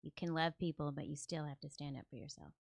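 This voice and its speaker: A woman co-hosting a sales podcast, speaking gently and acting out other people's lines for fun. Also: sits low, fast, gravelly, dry recording, studio quality. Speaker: podcast co-host. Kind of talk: casual sales podcast chat.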